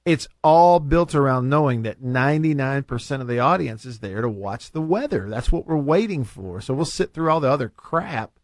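Animated man hosting talk radio. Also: normal speed, hardly any pauses, no echo, clean studio sound. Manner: animated, rants with big pitch jumps. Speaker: radio show host. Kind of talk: casual talk radio banter. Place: radio studio.

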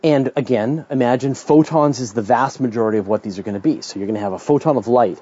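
A man's voice: medium pitch, fast talker, mellow, dull audio. A middle-aged Canadian man hosting a question-and-answer podcast, explaining science in a casual, chatty way with restarts and asides. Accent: Canadian English.

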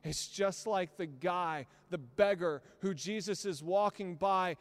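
A man's voice: high-pitched, measured pace, hardly any pauses. Man preaching with rising fervor. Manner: dynamic preaching, swinging between hushed storytelling and loud emphatic peaks. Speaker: pastor. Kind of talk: sermon. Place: church sanctuary.

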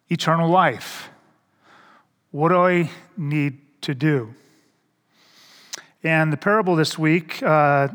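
A middle-aged male pastor preaches in a fairly high voice, taking his time. He stumbles over and repeats words and keeps asking the congregation questions. His voice carries the long ring of a church sanctuary. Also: fairly bright tone. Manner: slow, halting delivery with repeated words and rhetorical questions. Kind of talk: sermon. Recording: reverberant hall.

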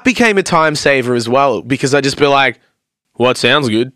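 A man's voice: mid-range voice, animated, normal speed, sharp tone, dry recording. A man chatting casually on a podcast, rambling through studio stories with a lot of "like" and acted-out quotes. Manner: rambling storyteller, heavy use of "like", acts out quotes. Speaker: podcast guest, vocalist and producer. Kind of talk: casual chat.

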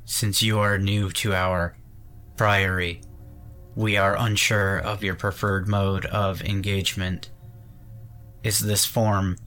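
A man voicing a cold, sexless synthetic guide that speaks in a flat, clipped, formal monotone. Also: lowish voice.

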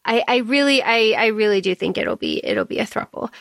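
Brief: woman podcast co-host, slightly high voice, casual and chatty, dry close recording. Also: wildly swooping pitch, fairly quick, gravelly, a bit bright, no echo. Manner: chatty, laughs often, acts out quoted lines. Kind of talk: casual book discussion.

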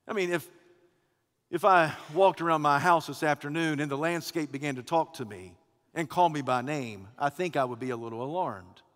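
A man preaching a sermon in a church sanctuary, dramatic and swinging between loud passages and hushed ones. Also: a little high, moderate pace. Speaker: pastor. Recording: long reverb of a church hall.

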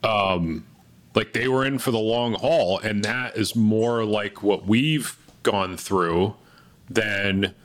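A man's voice: lowish voice, takes it slowly. A man co-hosting a podcast, chatting casually about a film in a laid-back, rambling way with lots of fillers. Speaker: podcast co-host. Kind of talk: casual chat.

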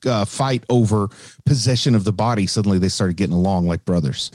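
A man in a casual podcast chat, calmly explaining his own reading of a show. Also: lowish voice, a little fast, no room sound, studio quality.

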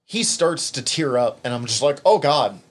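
Brief: male podcast co-host with an average-pitched voice, candid, emotional and rambling. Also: normal speed, a bit bright. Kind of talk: casual chat.

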